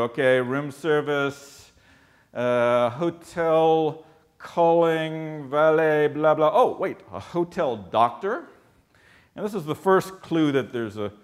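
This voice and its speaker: Man from the US, comic stage storytelling, wry, animated, slightly high voice. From United States. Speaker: ecologist telling a story on stage.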